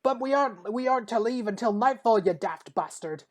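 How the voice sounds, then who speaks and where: A woman voicing a gruff male dwarf guard who is blunt and says "aye". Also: a little high, expressive, a little fast, darkish tone, pitched above the performer's own voice. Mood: indignant. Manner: blunt, uses old-fashioned "aye".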